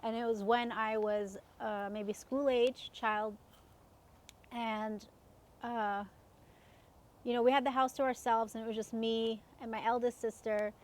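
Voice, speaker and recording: A woman's voice: a little high, little pitch movement, a little slow. A woman in her thirties telling personal stories in a casual, chatty way, laughing often and using many fillers. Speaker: self-help coach.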